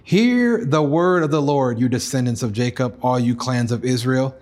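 A man preaching a sermon as pastor, earnest, acting out voices with sudden rises in pitch. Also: moderate pace. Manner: earnest preaching, acts out God's pleading voice, rises high for excited lines.

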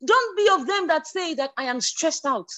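A woman shares a spoken church testimony in a high voice that swings widely in pitch. She stumbles over restarts and repeats words, then surges into emotional, near-shouted declarations. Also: animated, moderate pace. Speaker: church member sharing a testimony.

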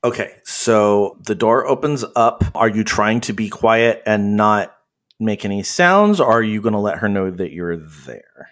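A man narrating a tabletop game as game master, describing scenes in a halting way with fillers. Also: fairly low pitch, animated, a bit bright.

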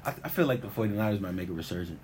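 A man's voice: lowish voice, expressive, rapid-fire. A young man in casual chat, brash and slangy. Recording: loud hiss and clicks.

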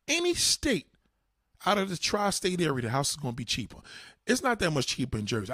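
A man with a somewhat high, husky voice rants in a heated, profane monologue. His pitch swings widely as he hammers the same points again and again. The sound is dry and close. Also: fairly bright tone, dry recording. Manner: blunt, repetitive, swearing a lot.

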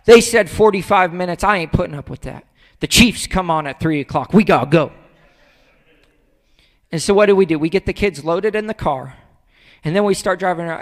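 High-voiced preacher man, big dynamic swings. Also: animated, a little fast, long reverb tail. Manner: conversational preaching, acts out little dialogues, swings from loud to hushed. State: emotional at moments. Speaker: pastor. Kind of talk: sermon.

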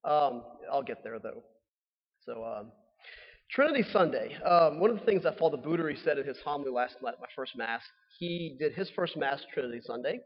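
A young man, a newly ordained priest giving a relaxed, conversational homily with fillers and playful asides. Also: on the high side, normal speed, slightly rough. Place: church. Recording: dull sound with long reverb in a church.

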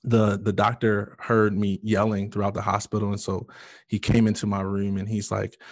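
A man's voice: lowish voice, level tone, moderate pace, dry recording, clean studio sound. A man earnestly telling an emotional personal story in conversation, with many fillers and restarts. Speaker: guest sharing his testimony.

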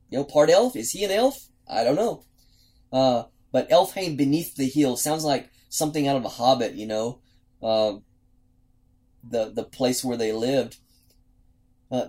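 A man leads a book discussion, reading scenes aloud and pausing to wonder about them. He speaks at an unhurried, drawn-out pace with plenty of fillers and restarts. His voice sits at an ordinary middle pitch. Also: a little mellow. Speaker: book club host.

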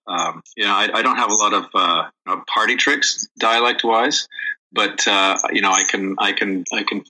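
A man's voice: fairly low pitch, bright, forceful tone, rough recording. A middle-aged male actor chatting casually in an interview, rambling with many restarts. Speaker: actor guest.

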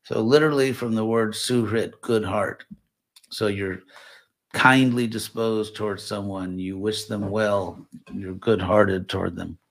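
Slow, gravelly-voiced man teaching scripture. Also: fairly low pitch, fairly even intonation. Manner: explains Sanskrit words one by one, thoughtful and unhurried. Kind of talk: scripture class lecture.

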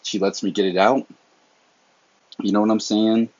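A man's voice: on the low side, level tone, moderate pace, a little mellow, no room sound. A young man from the American South with a Southern accent, hosting a casual solo podcast and talking in a candid, slangy, earnest way. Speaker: podcast host. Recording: dull lo-fi dry sound.

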